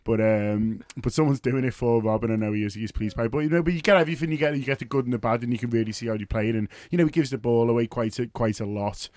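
A man chatting on a football podcast as a panelist, animated, often repeating words as he thinks. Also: medium pitch, fast, hardly any pauses, no echo. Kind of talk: casual football chat.

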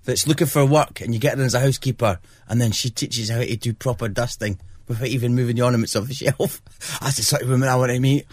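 A man's voice: mid-range voice, fairly even intonation, quick pace, hardly any pauses, dry recording. A man co-hosting a podcast in a studio, jokey and rambling in playful banter. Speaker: podcast co-host. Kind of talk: casual chat. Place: radio studio.

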